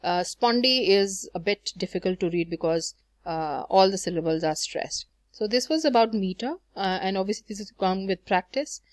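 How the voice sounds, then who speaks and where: A woman's voice: mid-range voice, lively intonation, moderate pace, no room sound, clean studio sound. A woman teaching a lesson on poetic meter, explaining patiently with frequent fillers and self-corrections. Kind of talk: recorded lecture on poetry.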